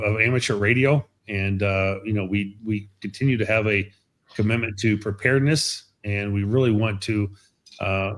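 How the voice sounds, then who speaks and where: A middle-aged man with a lowish voice talks loosely on a live stream. He stumbles and restarts, filling gaps with "you know" and "uh". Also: fairly bright tone. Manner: halting, many fillers and repeated words. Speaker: guest speaking for an amateur radio event. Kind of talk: casual panel talk on a live stream.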